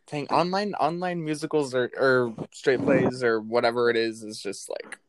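A teenage girl co-hosting a podcast, chatting casually with playful, halting restarts. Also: extremely low pitch, fairly even intonation, background noise. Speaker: podcast co-host. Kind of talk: casual chat.

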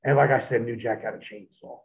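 A man, a wrestler, telling profane, animated stories as an interview guest over a phone line. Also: medium pitch, a little fast. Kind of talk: storytelling in an interview.

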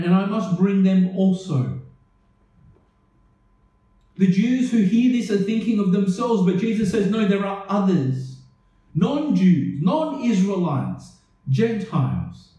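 A man's voice: high-pitched, dark tone. A man preaching a sermon earnestly, asking the listeners question after question. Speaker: pastor. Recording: echoey room, voice from a distance.

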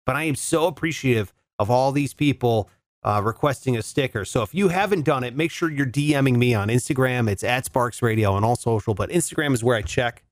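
A man's voice: medium pitch, brisk, dry recording, clean studio sound. A man hosting a solo podcast in a casual, laid-back way, swearing freely and calling listeners dude and bro. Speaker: podcast host.

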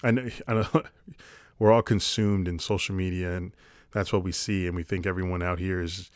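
A man's voice: low voice, steady tone, moderate pace, no room sound, studio quality. A man talking to camera in a casual comedic monologue, sarcastic and rambling, swearing casually. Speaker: vlogger.

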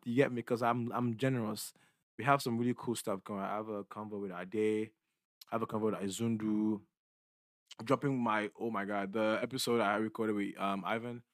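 A man's voice: on the low side, fairly even intonation, normal speed, dry recording, studio quality. A young man, rambling casually as host of his own solo podcast, slangy and loose, often checking in with his listeners. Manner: loose, slangy, rambling, keeps asking "you get me".

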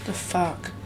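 A woman co-hosting a casual podcast, reacting bluntly with frequent swearing. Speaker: podcast co-host. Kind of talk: casual true-crime chat.

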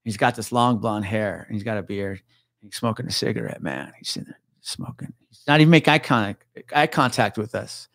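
A low-pitched man, a retired police officer, spins a story as a podcast guest, cursing casually and chuckling along the way. The sound is close and dry. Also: expressive, brisk, gravelly, fairly bright tone, no room sound. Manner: swears freely, laughs through his story.

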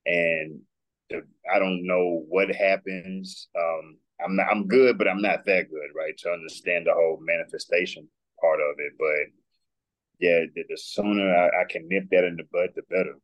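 A man's voice: low voice, fairly even intonation, normal speed, highs cut off. A man in casual podcast conversation, speaking reflectively in short remarks.

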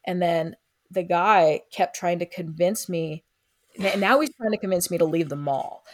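Swearing woman telling a story, low-pitched. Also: moderate pace. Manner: animated, acts out quotes of others. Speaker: guest storyteller. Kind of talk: casual storytelling with heavy swearing.

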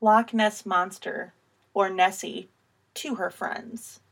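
A woman co-hosting a podcast in easy, casual chat. She sounds chatty and enthusiastic, laughs readily and speaks at a mid pitch. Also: steady tone, slow, creaky, a little hiss or hum. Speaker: podcast co-host.

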